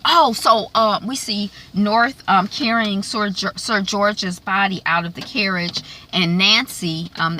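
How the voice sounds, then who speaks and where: A woman recapping a TV episode in a chatty, animated way, full of fillers and asides. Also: medium pitch, slight background noise. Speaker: TV recap vlogger. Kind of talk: casual recap and predictions.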